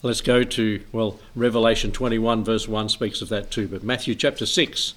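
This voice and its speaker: A man's voice: on the low side, steady tone, normal speed, a bit bright. A man leading an informal Bible study, rambling, chuckling often and reading scripture aloud.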